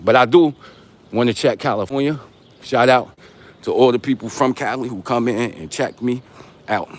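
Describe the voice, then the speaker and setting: A man's voice: mid-range voice, moderate pace. A man in his forties with a New York accent, casually chatting on a live stream while walking and teasing viewers in street slang. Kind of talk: casual live-stream chat reading comments.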